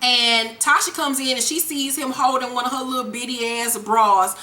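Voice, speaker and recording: A woman recaps a TV episode in a profane, animated rush and acts out each scene. Her voice is high and bright. The room is echoey. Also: moderate pace. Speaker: TV episode reviewer. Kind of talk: casual comic recap.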